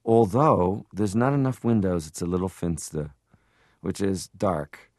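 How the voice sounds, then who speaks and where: A man from Canada, a comedian guest, talking casually and at length in an interview, animated, stopping to laugh. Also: deep voice, measured pace, no room sound, clean studio sound. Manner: rambling, animated, stops to laugh.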